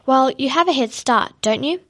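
Worried Viking mum from a storybook, put on by a woman, loud, earnest, highish voice. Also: moderate pace, no room sound, studio quality. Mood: anxious. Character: worried loving Viking mother.

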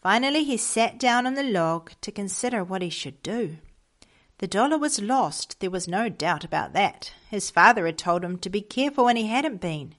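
A woman reads a moral story aloud at an unhurried pace. Her voice sits at an ordinary middle pitch, and she keeps her delivery gentle and measured. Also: lively intonation.

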